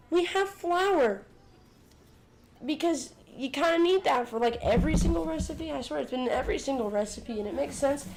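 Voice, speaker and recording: A woman's voice: high-pitched, a little hiss or hum. An eighteen-year-old woman hosting a cooking livestream in her home kitchen. She has a cold that makes her voice crack, and she chats casually, joking and swearing playfully. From United States. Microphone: desk condenser mic.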